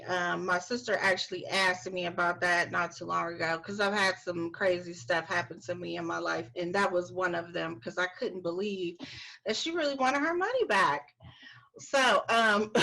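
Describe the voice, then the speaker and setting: A woman hosting a casual author chat, telling stories with lively laughter. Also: medium pitch, low-quality recording. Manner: animated storyteller, laughs often. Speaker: host.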